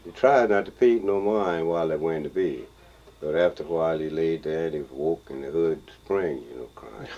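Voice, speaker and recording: An older man with a Texas Southern accent, telling a folk story in a slow, drawling, chuckling way. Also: extremely low pitch, mellow. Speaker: blues songster and storyteller. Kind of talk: folksy spoken storytelling. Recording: dull lo-fi field recording with guitar.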